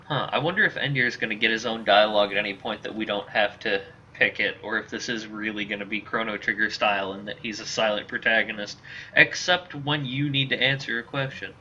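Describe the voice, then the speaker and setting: Man, casual let's-play commentary, self-deprecating, bright voice, dull lo-fi mic. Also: lowish voice, steady tone, a little fast. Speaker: gamer. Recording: dull lo-fi with faint hiss.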